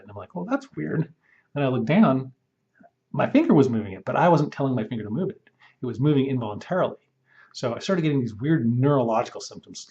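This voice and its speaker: A middle-aged man talks through a personal story in a loose, rambling testimonial. His voice sits in an ordinary middle register, and he often stops, restarts and fills pauses. The recording sounds a little muffled and lo-fi. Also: medium pitch, darkish tone. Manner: rambling, candid, with many restarts and fillers. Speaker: patient telling his illness story.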